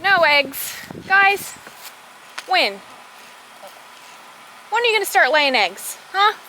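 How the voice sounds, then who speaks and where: A woman, chatting excitedly as she walks her garden for a homesteading vlog, gasping at her finds. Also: very high voice, slow pace, slight background noise, rough recording. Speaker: homesteading vlogger. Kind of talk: casual walk-and-talk vlog. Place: outdoors in a rural garden. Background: outdoor ambience, rustling leaves, animals.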